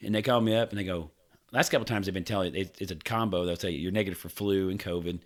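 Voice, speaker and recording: A man's voice: low-pitched, steady tone, fast. A man, chatting casually on a podcast. He rambles through a long story, swearing freely and laughing along the way. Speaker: podcast co-host. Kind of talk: casual chat.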